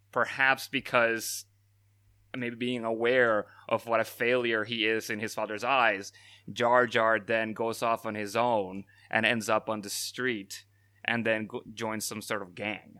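In casual podcast chat, a male co-host often stops to sum things up in disbelief and breaks into laughter. His mid-range voice is level, sharp and clean, and he takes his time. The recording is dry, with clean studio sound.

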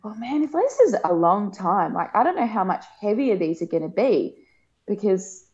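A woman, telling a personal story in a casual chat, emotional and laughing often, acting out quoted lines in a higher voice. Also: big pitch swings, moderate pace, darkish tone. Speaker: guest. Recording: dull lo-fi podcast sound.

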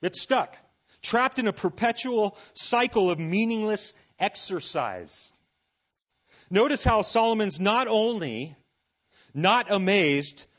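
A man preaching a sermon, reading scripture and making casual, animated asides to his listeners. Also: high-pitched, highs cut off. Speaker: pastor.

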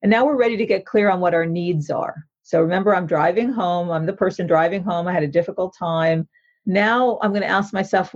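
Woman, therapist, husky, instructive, earnest, muffled recording. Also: fairly low pitch, brisk, darkish tone. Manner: earnest, instructive, often checks in with okay. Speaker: therapist author. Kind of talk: explaining in an interview.

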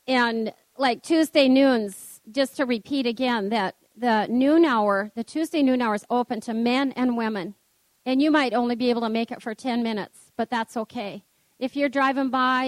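A woman with a high voice leads a small church gathering, moving between casual, chatty teaching and fervent bursts of praise. The sound is dry and close, with almost no room echo. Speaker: prayer group leader.

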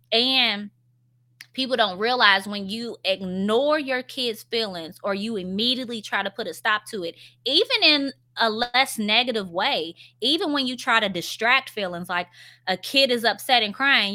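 A woman's voice: medium pitch, sharp tone. A woman talking casually about parenting, conversational and full of fillers, acting out example phrases for parents. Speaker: parenting speaker. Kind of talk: casual explanatory talk.

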